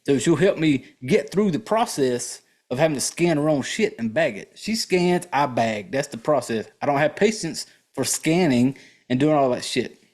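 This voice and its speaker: A man's voice: on the high side, expressive, moderate pace, darkish tone. A man hosting a podcast, telling a profane, exasperated story in a casual ranting monologue. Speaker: podcast host.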